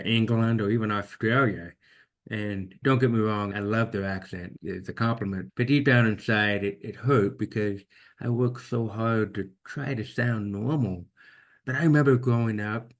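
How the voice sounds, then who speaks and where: A man with a deaf accent, telling his own story as an interview guest in an earnest, reflective way. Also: lowish voice. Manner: earnest, reflective, repeats words when restarting.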